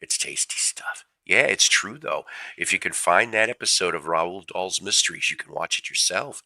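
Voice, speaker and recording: A man's voice: deep voice, normal speed, bright, forceful tone, dry recording. A man, fighting a cold, hosting a casual livestream and rambling through stories with jokey asides. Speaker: livestream host. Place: home room with his cat.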